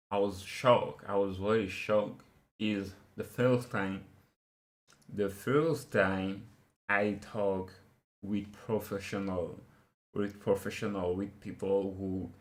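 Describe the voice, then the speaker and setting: A man whose first language is French, giving casual live-stream commentary in halting English, searching for words and restarting often. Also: lowish voice.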